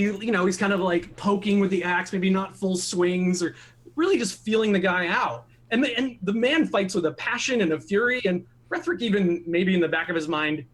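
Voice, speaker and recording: A young man playing a tabletop game, hesitant at times and then describing his character's actions vividly. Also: high-pitched. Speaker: player. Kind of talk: tabletop role-play chat.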